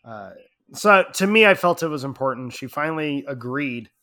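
A middle-aged man in casual chat, telling a story in an animated way and laughing often. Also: medium pitch, normal speed.

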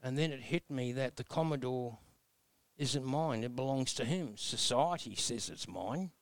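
A man's voice: medium pitch, unhurried, no room sound. Blunt Australian man in his sixties. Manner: blunt, earnest, folksy with mild self-mocking humor. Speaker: guest. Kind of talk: personal storytelling interview.

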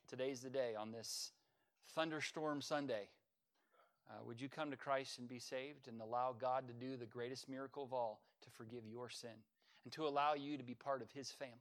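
A man preaching a sermon as pastor, earnest, with sudden swells in loudness. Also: medium pitch. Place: church service.

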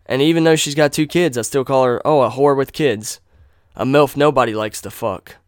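A man hosts his own podcast alone and vents in a blunt, heated rant full of swearing. His voice has an ordinary, middle pitch. The sound is close and dry. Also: normal speed, dry recording. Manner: angry, profane, blunt ranting. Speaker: podcast host.

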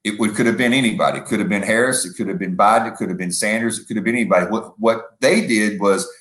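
A man's voice: on the low side, quick pace, a bit bright. Guy co-hosting a podcast, rambles, sports analogies, roomy echo. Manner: rambling, uses football comparisons, acts out quotes. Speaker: podcast co-host. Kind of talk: casual political commentary.

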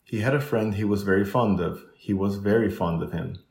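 A grave, composed little girl speaks in a storybook reading, put on by a man with a low voice. Her soft voice rings in a roomy space. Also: a little fast, gravelly. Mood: solemn. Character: quiet, solemn orphan girl, polite and composed. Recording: roomy echo.

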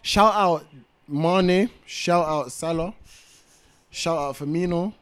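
A young man, chatting in casual football podcast banter, excitable and slangy, swearing and cutting in often. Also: fairly high pitch, slow, clear, resonant tone. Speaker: podcast co-host.

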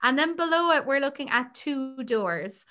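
A young woman co-hosting a casual book podcast, chatty and quick to laugh, with lots of fillers. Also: sits high, animated, pushed and bright. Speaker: podcast co-host.

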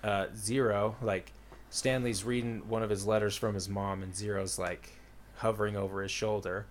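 There's a slight hiss or hum behind this young man's fairly low voice, which moves little in pitch and keeps a moderate pace. In casual conversation, he retells a book's plot in a rambling way, saying "like" and "uh" over and over.

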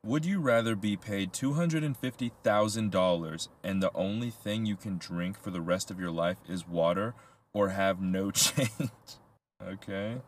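A man's voice: deep voice, unhurried. A young man co-hosting a casual podcast chat, rambling through his answers with frequent laughs and casual swearing. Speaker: podcast co-host.

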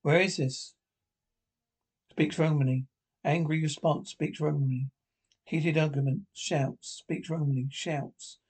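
A man reading audio description of a drama episode, naming speakers and sound cues in a flat, even voice. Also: a little high, measured pace, pauses often, breathy edge.

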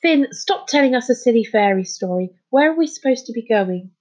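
A man's voice: extremely high pitch, expressive, a little fast, voice pushed up, low-quality recording. A woman voicing a bossy, skeptical boy who snaps out curt orders on a sailing boat, in a storybook reading. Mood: gruff.

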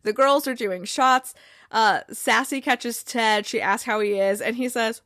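A woman giving a casual, animated recap of a TV episode, swearing freely and acting out the characters' lines. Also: on the high side, measured pace, dry recording, studio quality.

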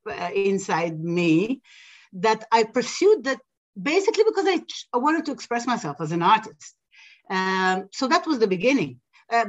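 A woman speaks as a podcast guest, a singer who tells her story in an animated way. She pauses often and fills gaps as she talks. The recording sounds slightly dull and lo-fi. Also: mid-range voice. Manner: animated storytelling with frequent hesitations. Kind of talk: casual podcast interview.

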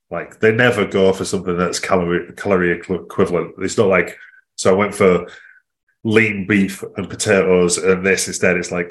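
A man, a fitness coach co-hosting a podcast, talking in a casual, animated way. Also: brisk. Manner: animated, jumps in pitch for emphasis.

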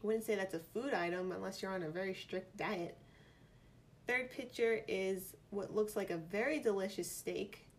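A woman with a New York accent and a mid-range voice vlogs at normal speed. Chatty and playful, she reads quiz options aloud and muses over them.

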